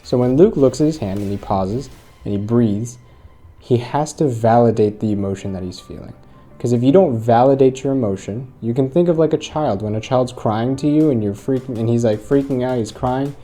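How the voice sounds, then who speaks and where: A man's voice: mid-range voice, normal speed, dark tone, soft background music. A man hosting a channel who talks earnestly to his viewers, retelling a story to make a point. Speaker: host. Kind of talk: motivational commentary.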